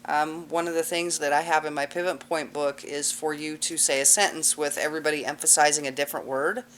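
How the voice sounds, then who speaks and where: A woman's voice: sits low, fairly even intonation, brisk, fairly bright tone, slight background noise. A woman teaching a cosmetology class in a casual, chatty lecture with lots of fillers. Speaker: cosmetology instructor.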